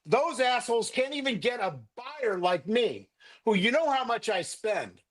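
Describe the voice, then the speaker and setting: An older man who collects sports cards rants angrily on a livestream video call from home, rambling and full of profanity. His very high voice is sing-song and measured in pace.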